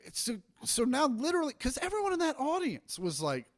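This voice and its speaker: A man's voice: very high-pitched, brisk, no echo, clean studio sound. A middle-aged man, a stand-up comic, telling profane stories in casual podcast chat and acting out the quotes. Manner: profane, animated anecdote telling with acted-out quotes.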